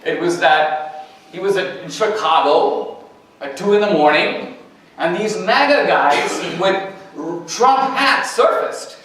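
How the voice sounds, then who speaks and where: A man's voice: sits high, expressive, slow, a bit bright, slight background noise. Man lecturing in an echoey hall. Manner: anecdotal storytelling, quoting dialogue. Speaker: guest speaker. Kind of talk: campus lecture. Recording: echoey hall, distant mic.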